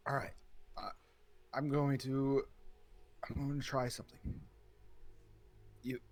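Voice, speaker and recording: A man's voice: mid-range voice, fairly even intonation, slow pace. Stammering male player. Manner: hesitant, stammering. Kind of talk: casual tabletop play.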